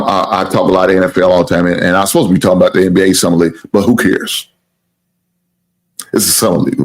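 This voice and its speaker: A man hosting a casual live-stream sports talk show, with a deep voice, rambling and repeating himself and swearing now and then. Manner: rambling, repetitive, plugs the channel, swears casually.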